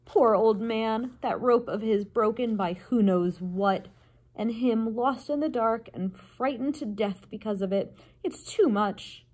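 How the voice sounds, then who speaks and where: A woman voicing a weepy, ferocious older cook in a storybook read-aloud, with loud, wailing outbursts. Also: fairly high pitch, normal speed, close to an everyday voice. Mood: grieving.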